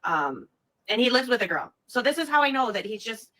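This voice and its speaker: A woman's voice: fairly high pitch, very animated, a little fast, fairly bright tone, low-quality recording. A woman in a confessional social video, rambling, swearing and restarting as she talks about her mistakes.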